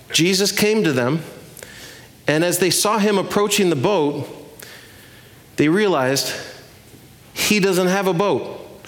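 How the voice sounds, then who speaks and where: Man, pastor, sermon, fairly high pitch, animated storytelling, questions to the congregation.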